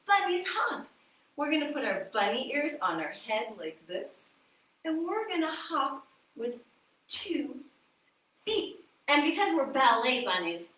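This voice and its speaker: A woman telling a folk tale to preschoolers while leading ballet moves, animated and sing-song. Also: sits high, reverberant, distant mic, low-quality recording. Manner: animated, sing-song storytelling with movement cues. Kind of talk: storytime ballet class for young children.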